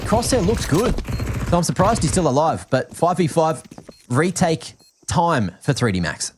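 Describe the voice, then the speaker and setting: A man from Australia with an Australian accent, calling esports play-by-play with quick, excited reads of the action. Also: fairly high pitch, background noise. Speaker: esports caster. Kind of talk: play-by-play commentary.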